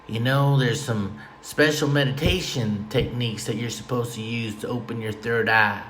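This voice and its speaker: A man's voice: mid-range voice, steady tone, normal speed, a bit bright, slight background noise. A man hosting a podcast, talking in a folksy, tongue-in-cheek ramble that drifts off topic late at night at home. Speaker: podcast host. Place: room at home with a fan.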